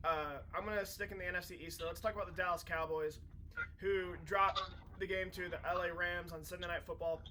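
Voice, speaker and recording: A man with a high, bright voice talks football on a casual podcast, with a faint hiss under him. He stays calm and teasing and moves the talk along. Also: a little fast. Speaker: podcast co-host. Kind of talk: casual sports chat.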